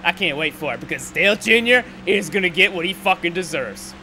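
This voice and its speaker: A young man with a fairly high voice gives live commentary on a racing game. He rants with exasperation and swears constantly. Loud engine noise from the game runs underneath him the whole time. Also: lively intonation, a little fast. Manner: profane, exasperated ranting. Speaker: gaming commentator.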